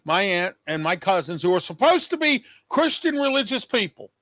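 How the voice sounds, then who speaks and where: With a slightly high, somewhat bright voice, the host of his own show speaks directly to viewers in an agitated, emphatic personal monologue, repeating his points. The sound is clean studio audio without echo.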